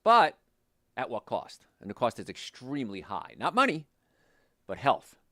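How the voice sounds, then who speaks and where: With a measured pace and a dry, studio-quality recording, this doctor hosts a health talk show. He chats casually, tells lively stories about patients, and drops his voice when quoting them.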